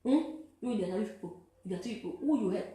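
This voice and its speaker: A woman's voice: mid-range voice, expressive, quick pace, warm tone. A Nigerian woman giving an impassioned, preachy monologue to camera, repeating her phrases for emphasis. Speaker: social commentator. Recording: very echoey room.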